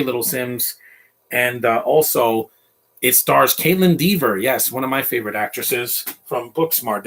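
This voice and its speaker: A man's voice: mid-range voice, a bit bright, husky. A man hosting a casual live movie commentary, opinionated, rambling and defensive.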